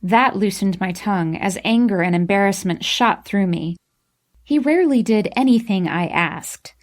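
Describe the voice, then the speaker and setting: Expressive young woman narrating a novel. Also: mid-range voice, normal speed. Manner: expressive, emotional storytelling. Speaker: audiobook narrator. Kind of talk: first-person audiobook narration.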